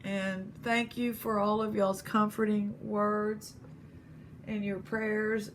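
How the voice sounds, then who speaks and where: A woman vlogging casually, gently thanking viewers as she opens gifts and admires jewelry. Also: mid-range voice, flat delivery, takes it slowly, a little hiss or hum. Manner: gentle, appreciative, lingering over each gift. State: near tears, grieving. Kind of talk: casual vlog chat.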